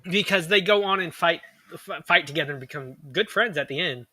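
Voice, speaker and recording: Man, casual fan chat, higher voice, bright tone, dry close sound. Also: a little fast. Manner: excited, rambling, searches for names. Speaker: podcast co-host.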